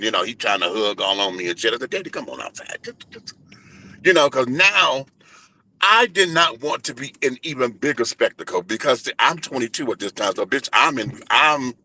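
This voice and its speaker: A man in his forties telling a personal story in an animated, flamboyant, profane way during a casual interview. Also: medium pitch, fairly quick. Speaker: guest, entertainer and radio host.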